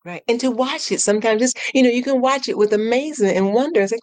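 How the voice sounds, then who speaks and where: A woman coach guesting on a podcast, speaking in a lively, animated way, laughing often and acting out her inner voice in playful high tones. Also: quick pace, hardly any pauses, no echo. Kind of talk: casual podcast interview.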